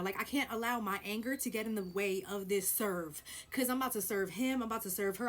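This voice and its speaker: A woman telling a story on her vlog in a blunt, profane, animated way, with loud stresses and hushed asides. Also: mid-range voice, a little fast, few pauses. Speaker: vlogger.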